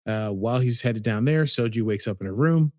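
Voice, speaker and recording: A man's voice: mid-range voice, fairly quick, a little mellow, dry recording, studio quality. A man casually recapping a TV episode as a podcast co-host, rambling and chatty with lots of "like"s.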